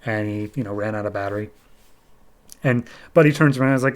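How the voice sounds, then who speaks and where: This man recaps a comic book on his podcast, talking fast in a lowish voice. It's casual, loose storytelling, with "he's like" coming up again and again.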